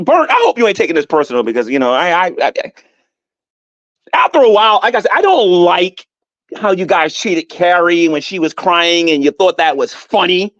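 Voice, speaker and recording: A man mocks online rivals to his chat, laughing often as he talks. His pitch swings widely. The audio is dull and dry, with no room sound. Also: no room sound. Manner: animated, roasting, frequent laughter. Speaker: YouTube commentator. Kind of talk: mocking rant to a livestream chat.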